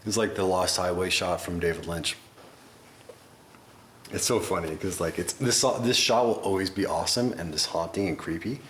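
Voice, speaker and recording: A man hosting a music reaction video, talking in a rambling, excitable way with mock-scared asides. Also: low voice, moderate pace. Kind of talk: casual reaction commentary. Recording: echoey room with faint noise.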